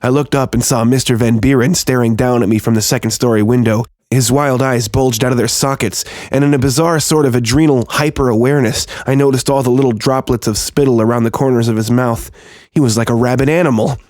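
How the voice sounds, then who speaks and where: A man narrating a first-person horror story in a tense, steady storytelling manner. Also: medium pitch, a little fast, dry recording, clean studio sound.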